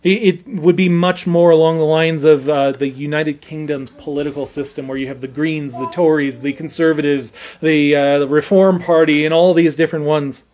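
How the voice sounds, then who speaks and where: A man with a fairly high, slightly mellow voice preaches an expository sermon at normal speed with few pauses and fairly even intonation. He's earnest and emphatic, often stammering as he repeats his opening words.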